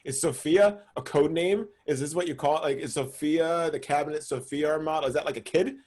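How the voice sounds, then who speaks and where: Young man, podcast co-host, casual chat, animated, profane, slightly high pitch. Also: a little fast. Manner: animated, swearing, acts out quoted voices.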